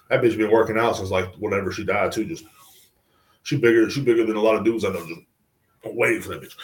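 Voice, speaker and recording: Solo on his podcast, an American man with a lowish voice rambles and swears casually, peppering his talk with "you know what I'm saying." The recording quality is low.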